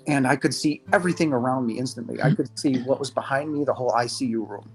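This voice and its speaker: Guy in his 50s on a podcast, telling his story, halting and emotional, voice breaking now and then. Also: mid-range voice, husky, faint music behind. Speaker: podcast guest. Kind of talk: personal testimony in an interview.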